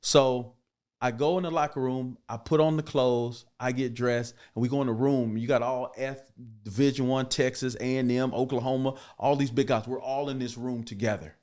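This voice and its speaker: A middle-aged man, a podcast guest, telling his life story with animated energy that builds to loud excited bursts. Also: medium pitch, normal speed.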